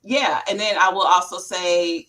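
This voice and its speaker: A woman's voice: lowish voice, steady tone, measured pace, sharp tone, rough recording. A woman guest in a casual fan chat, talking with enthusiasm. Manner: enthusiastic, chatty with fillers. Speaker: guest blogger.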